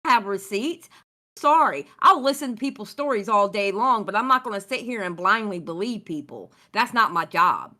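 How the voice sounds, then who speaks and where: A woman joins a commentary stream and talks bluntly and with indignation, swearing as she does. Her tone is bright and sharp, and her pitch sits in the middle. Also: lively intonation, moderate pace. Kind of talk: casual commentary chat.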